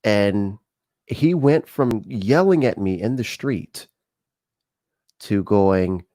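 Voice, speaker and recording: A low-pitched man with an American accent hosts a live talk stream. He tells personal stories loosely, restarting sentences and filling pauses with ums. His voice sits close and dry, with no room sound around it. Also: expressive, mellow, no room sound. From United States. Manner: conversational storytelling with frequent fillers and restarts. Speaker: show host.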